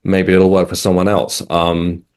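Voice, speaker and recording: Man, very deep voice, middle-aged, from England, interview guest, hesitant, frequent restarts and ums. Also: monotone, a little slow, darkish tone. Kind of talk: casual interview storytelling.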